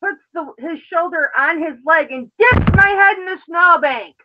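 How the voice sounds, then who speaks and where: Brash, foul-mouthed woman host, high voice, dull lo-fi stream audio. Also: normal speed, a little hiss or hum. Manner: brash, profane storytelling. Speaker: host of a live show. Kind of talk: casual live chat. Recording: dull lo-fi sound.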